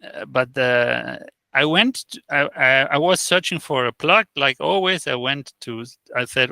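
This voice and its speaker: A man with a gravelly, bright, mid-range voice tells stories as a guest in a casual interview chat, recorded dry. He speaks haltingly with many fillers and restarts, animatedly acting out the exchanges he quotes.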